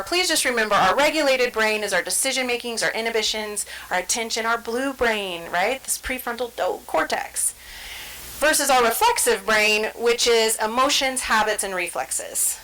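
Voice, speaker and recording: A woman with a slightly high, bright, forceful voice gives an educational talk. She keeps it conversational, checking in with her listeners, and acts out everyday scenes by voicing people's inner thoughts. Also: moderate pace, rough recording. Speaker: trainer presenting on stress and the brain.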